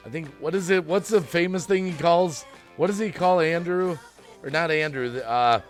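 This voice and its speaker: A man hosting a casual livestream, greeting viewers by name, reading chat aloud and rambling as he thinks out loud. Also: on the high side, expressive, normal speed, soft background music. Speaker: livestream host.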